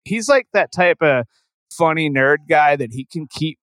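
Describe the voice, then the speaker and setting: A man's voice: fairly high pitch, expressive, unhurried, fairly bright tone, no room sound, rough recording. Rambling profane man telling tour stories. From Philadelphia. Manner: rambling, says "like" constantly, profane. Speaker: podcast guest, musician. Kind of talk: casual storytelling.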